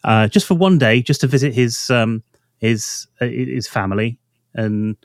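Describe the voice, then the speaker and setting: A man's voice: medium pitch, unhurried, no echo, studio quality. A man co-hosting a podcast, explaining ideas in a rambling, thoughtful way. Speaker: podcast co-host. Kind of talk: casual chat.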